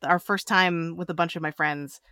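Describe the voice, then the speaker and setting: A woman with a lower voice talks about a film in a relaxed, giggly way, full of fillers. Her voice is close and dry, with no room sound around it. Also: moderate pace, clean tone, no room sound. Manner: giggly, hedging with many fillers. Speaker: podcast co-host. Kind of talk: casual film review chat.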